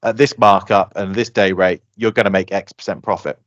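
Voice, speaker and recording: Man, low voice, rapid animated pitch, close dry mic, lo-fi. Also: no echo. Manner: fast, animated explaining, acts out customer quotes. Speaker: software company guest. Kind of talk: casual podcast interview.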